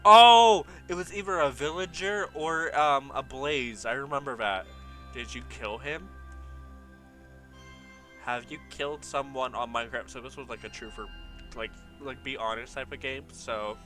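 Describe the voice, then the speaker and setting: A man's voice: mid-range voice, a little slow, pushed and bright, soft background music. A young man giving casual commentary over old gameplay, nostalgic and laughing often as he reads his old signs aloud. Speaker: gaming YouTuber.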